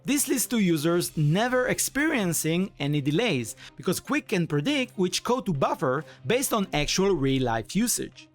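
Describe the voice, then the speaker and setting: A man delivering a scripted conference talk, full of energy and salesmanship. His pitch swings widely as he pitches ideas, and faint music plays underneath. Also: sing-song, moderate pace, hardly any pauses. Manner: enthusiastic, pitching, playful. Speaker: conference speaker and framework core team member.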